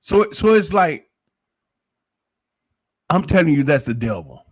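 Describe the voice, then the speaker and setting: A man's voice: fairly high pitch, big pitch swings, unhurried. A man giving an opinionated livestream monologue, preachy and emphatic, firing off rhetorical questions. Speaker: livestream commentator.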